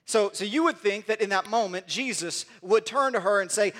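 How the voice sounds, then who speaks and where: A man's voice: high-pitched, moderate pace, hardly any pauses, fairly bright tone. A man preaching a sermon in an earnest way, often repeating words as he builds toward a point.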